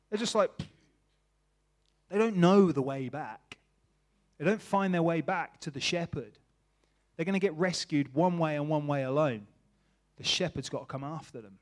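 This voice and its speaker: A man preaching a sermon, tearful and emotional, swinging from hushed to loud. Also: high-pitched, moderate pace.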